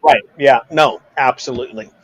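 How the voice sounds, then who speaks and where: A musician in casual conversation, patiently explaining rhythm and scatting beats aloud. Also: male voice, medium pitch, normal speed, fairly bright tone, slightly rough, lo-fi sound. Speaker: musician guest. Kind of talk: casual chat.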